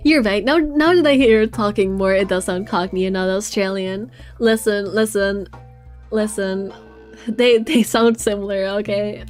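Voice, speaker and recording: A woman streamer giving casual, excitable gameplay commentary, swearing and laughing often. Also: mid-range voice, normal speed, soft background music.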